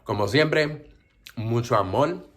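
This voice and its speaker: A man with a mid-range, slightly bright voice speaks at a measured pace while vlogging casually and eating a sandwich. He chews as he talks in this mukbang-style video and mixes Spanish phrases into his English.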